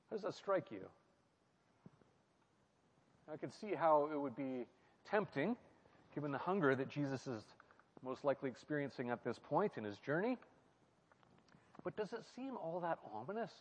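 A man reflectively preaches and teaches through a Bible passage, asking his listeners questions and repeating key phrases in sermon style. His mid-range voice is sing-song, at a moderate pace with long pauses. The sound is muffled, with a long hall reverb.

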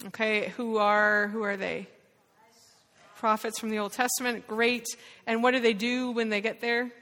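A woman leading an interactive Bible lesson, quizzing the group with quick questions. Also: a little high, level tone, pushed and bright. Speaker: Bible study leader. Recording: reverberant hall.

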